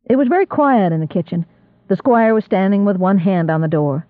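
A man narrating an audiobook in a measured, expressive reading voice. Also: high voice, no echo. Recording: dry, tinny phone-like audio.

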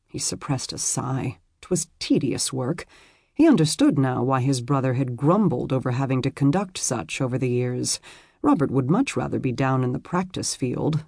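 An audiobook narrator reading a historical romance in steady, measured storytelling. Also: medium pitch, no room sound, studio quality.

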